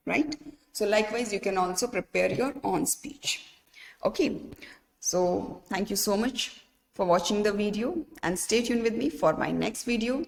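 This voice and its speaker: A woman's voice: medium pitch, measured pace, gravelly, in a large hall. A woman with an Indian English accent teaching an online English grammar lesson, explaining step by step and checking with her students.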